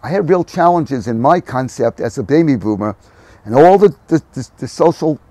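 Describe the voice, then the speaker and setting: An older man, a guest, telling animated stories in an interview, often repeating words and acting out quotes. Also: medium pitch, normal speed, dry recording. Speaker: guest speaker. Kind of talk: storytelling in an interview.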